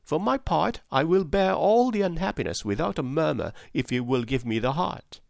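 Casting: a man playing a solemn tin man, pitched high, a touch of gravel. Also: lively intonation, normal speed, no echo, clean studio sound. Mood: earnest. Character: earnest male tin man longing for a heart.

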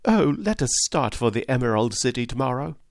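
A man voicing an eager, hopeful young farm girl from a storybook, speaking brightly. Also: mid-range voice, sing-song, brisk, gravelly, dry recording, studio quality, pitched above the performer's own voice.

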